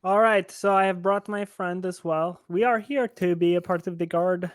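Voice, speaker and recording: A cocky, boastful adventurer strides into the scene, as a man plays him at the table, his voice pitched fairly high and showing off. The sound is close and dry. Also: fairly even intonation, moderate pace, no room sound, close to an everyday voice. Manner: cocky, showy. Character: brash boastful male adventurer. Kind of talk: in-character tabletop role-play.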